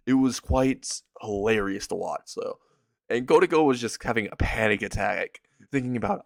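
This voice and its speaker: A man's voice: mid-range voice, no room sound. A man narrating an improvised fan story in a rambling, chatty way, often breaking into laughter. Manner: rambling, laughs while telling. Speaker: channel host and storyteller.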